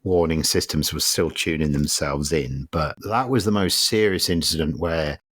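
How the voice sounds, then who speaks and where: Low voiced english guy, middle aged, rambling wry car podcast chat, dry close mic. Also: moderate pace, fairly bright tone, husky, no echo. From England. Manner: wry, blunt, rambling, swears freely. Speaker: podcast host. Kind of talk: casual car review chat.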